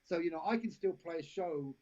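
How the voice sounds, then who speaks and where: This actor and director, appearing as a podcast guest, has a husky, fairly high voice and a quick, lively way of telling stories. His anecdotes ramble with frequent restarts, and he laughs at his own tales. The casual interview comes through as dull lo-fi live stream audio.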